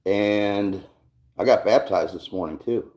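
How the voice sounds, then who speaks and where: A man with a somewhat low voice chats on a livestream from his garage. He rambles in a laid-back, unhurried way and swears freely. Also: darkish tone. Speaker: livestream host. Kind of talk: casual livestream chat.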